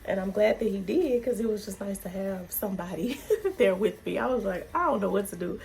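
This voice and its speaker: A woman's voice: a little fast, vocal fry, a little hiss or hum. A woman, telling a story in a casual vlog and acting out the quotes with big jumps in her voice. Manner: animated, acts out quotes with big pitch jumps. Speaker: vlogger.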